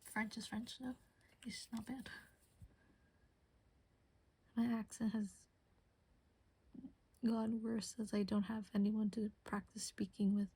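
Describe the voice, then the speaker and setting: A woman's voice: medium pitch, level tone, slow pace, pauses often, dark tone, slightly rough. A young woman streamer chatting casually and rambling while she crafts, answering her chat.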